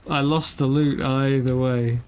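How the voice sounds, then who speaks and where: A tired man in his thirties rambles through a live game stream, tossing self-deprecating asides to his chat. His voice sits at an ordinary middle pitch for a man, relaxed and unpolished. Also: moderate pace, smooth. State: tired, yawning. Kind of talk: casual live-stream chat while gaming.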